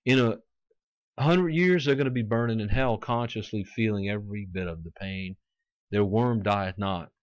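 A man's voice: lowish voice, moderate pace, dry recording, highs cut off. A man preaching a fervent sermon, quoting scripture and acting out mocking voices.

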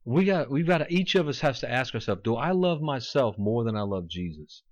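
A man's voice: mid-range voice, sing-song, a little fast, no room sound, highs cut off. A man preaching a fervent sermon, quoting scripture and acting out mocking voices.

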